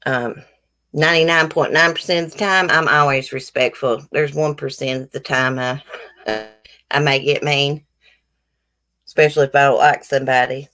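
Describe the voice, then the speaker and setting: A woman's voice: a bass voice, fairly even intonation, moderate pace, a bit bright. A woman from the American South with a Southern accent, hosting a casual live stream, chatting frankly and bluntly with her viewers as she reads their comments. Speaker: YouTube live stream host.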